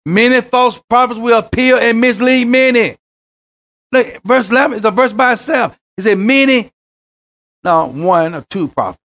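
High-voiced preaching man, swinging loud to hushed. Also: normal speed. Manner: preaching with rising shouts and sudden quiet drops. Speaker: pastor. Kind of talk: sermon.

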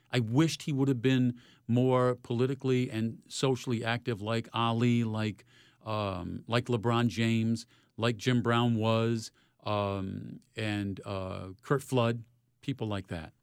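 Animated older man telling stories. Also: clear, resonant tone, no room sound, studio quality. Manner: animated storyteller, rising loud in highlights. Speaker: retired sports reporter, guest. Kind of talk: storytelling interview.

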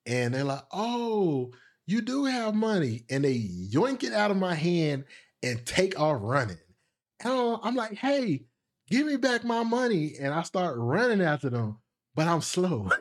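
A young man hosting a podcast, telling a story in a rambling way full of fillers. He laughs at himself and raises his voice to act out the people he quotes. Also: darkish tone. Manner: acts out quoted voices higher. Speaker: podcast host. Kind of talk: casual storytelling.

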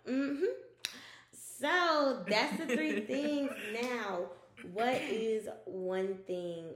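Profane, teasing young woman host, echoey room. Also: medium pitch. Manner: blunt, profane, teasing, lots of "like". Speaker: podcast host. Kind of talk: casual chat.

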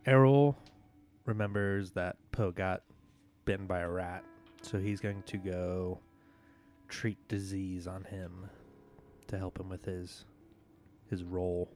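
A man's voice: low voice, fairly even intonation, slow, pauses often, darkish tone, faint music behind. A man playing a tabletop game, matter-of-fact about the rules and his rolls. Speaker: player. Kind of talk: casual chat in a tabletop game.

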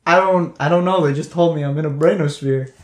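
A man's voice: a little high, a little fast, reverberant, close to an everyday voice. A man voicing a panicked young man stuck as a ghost, stammering and repeating himself. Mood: urgent.

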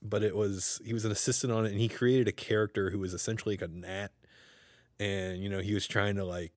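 A man with a somewhat low voice co-hosts a relaxed podcast chat. He rambles, laughs often and lets his sentences trail off quietly. The sound is dry and close. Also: a little fast, dry recording. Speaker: podcast co-host. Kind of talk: casual chat.

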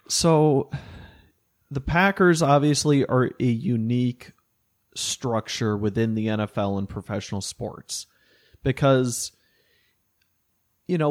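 Measured man on a sports podcast. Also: medium pitch. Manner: measured, even-toned, with sarcastic asides. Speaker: podcast co-host. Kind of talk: casual sports podcast chat.

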